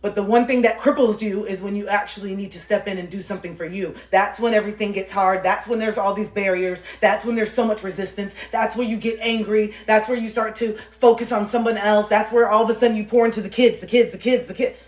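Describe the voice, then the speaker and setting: A woman's voice: medium pitch, steady tone, fast talker, few pauses, a little mellow. A woman livestreamer giving impassioned spiritual life advice, preachy and intense, swearing freely and repeating phrases for emphasis. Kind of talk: impassioned motivational monologue. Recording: echoey room with faint music.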